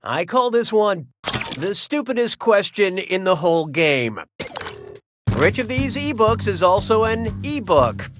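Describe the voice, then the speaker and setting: A man's voice: high-pitched, very animated, measured pace, over music. A man voicing a wisecracking quiz show host who reads trivia questions with snarky, mocking punchlines. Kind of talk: scripted game show hosting.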